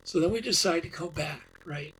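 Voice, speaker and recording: A man's voice: on the high side, normal speed, fairly bright tone, slight background noise, rough recording. A man, a guest on a podcast, telling a long story in a casual, rambling way, often restarting and repeating words.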